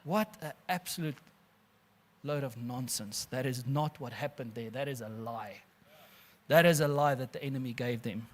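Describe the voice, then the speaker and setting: A pastor preaching an animated sermon, calling listeners friends and laughing often. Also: male voice, mid-range voice, normal speed, slight background noise.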